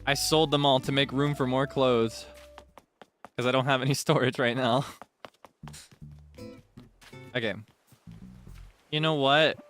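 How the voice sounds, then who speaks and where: Man, streamer, casual game chat, playful, dramatic, deadpan asides, light game music behind. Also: mid-range voice, moderate pace. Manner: playful, dramatic, swings between deadpan and giggly.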